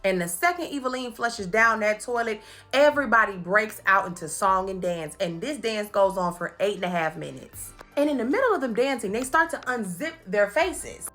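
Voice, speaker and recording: A woman recapping movies in a playful, animated comedic commentary, laughing often and slipping into quick impressions. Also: mid-range voice. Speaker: commentary host.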